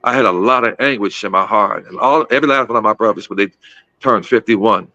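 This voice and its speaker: A man in his fifties from Gary, Indiana, speaks in a low, bright, forceful voice. He tells a personal story casually and keeps calling his listeners guys. The sound is dry and a little dull, with little room around it. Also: fairly quick, dry recording. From Gary, Indiana, USA. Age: 50s. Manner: repetitive, addresses listeners as guys, emotional storytelling. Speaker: guest speaker.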